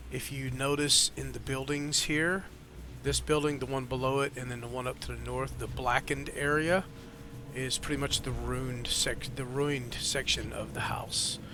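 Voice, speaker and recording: A man's voice: mid-range voice, creaky, background noise. A man narrating as dungeon master in a rambling way, with many fillers and self-corrections, with the hiccups. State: has the hiccups. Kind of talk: narrating a tabletop game.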